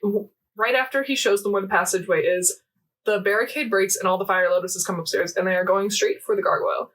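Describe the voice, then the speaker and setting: A woman's voice: medium pitch, fast talker, fairly bright tone, recorded from a distance, a little hiss or hum. A young woman co-hosting a casual podcast, rambling animatedly through a story recap with lots of fillers and quoted lines. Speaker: podcast co-host. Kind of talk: casual chat recapping a game event.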